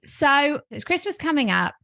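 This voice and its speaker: A woman hosts a casual podcast chat in a high, bright voice. She talks frankly and swears casually. The sound is close and dry. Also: big pitch swings, moderate pace, vocal fry, dry recording. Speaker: podcast host.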